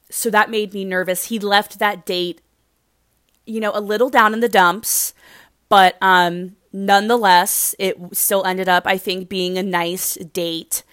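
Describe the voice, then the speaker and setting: A woman's voice: lowish voice, fairly bright tone, no echo. Young woman gushing over a show, says like constantly, dry close sound. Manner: gushing, rambling, heavy use of "like". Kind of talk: casual reality-TV recap.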